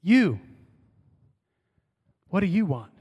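A male pastor preaching a sermon in a church, trading calls and responses with the congregation and swinging from emphatic lines to hushed ones. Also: high voice, sing-song, slow pace, breathy edge. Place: church sanctuary. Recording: long church-hall reverb.

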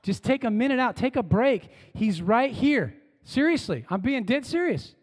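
A man preaches with a bright, high-pitched voice, leading his congregation in call-and-response. He moves between strong, emphatic lines and soft, hushed phrases. His voice rings out in a church with a long, lingering reverb. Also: big pitch swings, normal speed. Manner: dynamic, swinging from emphatic calls to hushed words. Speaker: pastor. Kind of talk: sermon. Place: church sanctuary.

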